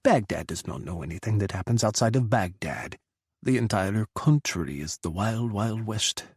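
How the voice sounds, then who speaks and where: A man's voice: on the low side, expressive, moderate pace, darkish tone, husky, dry recording, clean studio sound. A man voicing a scheming, restless Russian president with a thick Russian accent and a smirking, cutting manner. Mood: sly.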